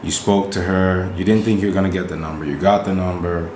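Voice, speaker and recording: A man co-hosting a podcast in casual chat, animated and emphatic, often checking in with "right?". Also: deep voice, quick pace, a little hiss or hum. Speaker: podcast co-host. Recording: roomy recording.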